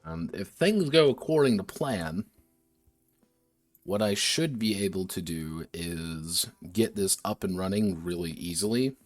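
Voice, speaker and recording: A man's voice: low voice, animated, unhurried, faint music behind. A man streaming while designing a tabletop game, thinking aloud with restarts and self-corrections, a little slurred from drinking. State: tipsy from drinking.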